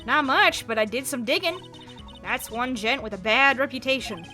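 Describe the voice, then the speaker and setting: A woman's voice: sits high, moderate pace, sharp tone, faint music behind. A woman voicing a nosy, folksy woman with a gossipy drawl.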